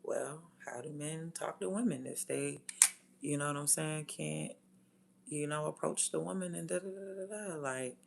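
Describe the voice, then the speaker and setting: Gravelly, blunt DC-woman streamer. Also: low voice, moderate pace, slight background noise. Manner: blunt, profane, drops from loud to near-whispered asides. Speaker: livestreamer. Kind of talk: casual livestream chat.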